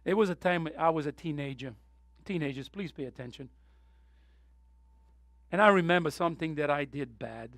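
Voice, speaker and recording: Impassioned preacher man, gravelly voice. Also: a little high, moderate pace, pauses often, no room sound. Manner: impassioned, swings from soft to loud; emotional, near tears. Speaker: pastor. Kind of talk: sermon.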